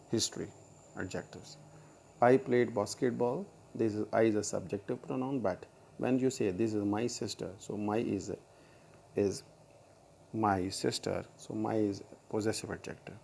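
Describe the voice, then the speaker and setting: A man with a fairly low, gravelly voice teaches grammar to his students. He explains step by step, pausing on fillers and repeating his examples. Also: mellow. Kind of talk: recorded grammar lesson.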